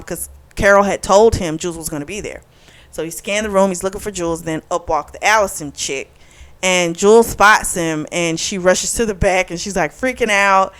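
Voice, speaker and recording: A woman reviewing a book in a casual vlog. She retells the plot frankly with swearing and lively asides, and acts out the characters' lines in animated bursts. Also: fairly low pitch, smooth. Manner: candid, profane, opinionated retelling.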